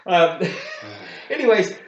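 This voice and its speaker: A man co-hosting a casual podcast, telling stories about himself with self-mocking humor and frequent laughs. His slightly high voice swoops up and down as he talks. The room has a noticeable echo. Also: takes it slowly, dull audio, slight background noise. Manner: animated self-mocking storyteller, laughs often. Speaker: podcast co-host. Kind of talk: casual chat.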